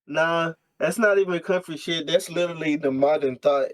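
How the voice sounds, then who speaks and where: A man from the United States with a fairly high voice co-hosts a podcast, reading a novel aloud dramatically and joking about it. He laughs often and swears freely, speaking at normal speed with no echo.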